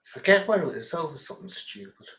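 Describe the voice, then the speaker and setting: A man's voice: high-pitched, lively intonation, quick pace, gravelly, bright, forceful tone, low-quality recording. A middle-aged man from England chatting casually as host, rambling through an opinionated story with lots of ums and restarts. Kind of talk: casual livestream chat.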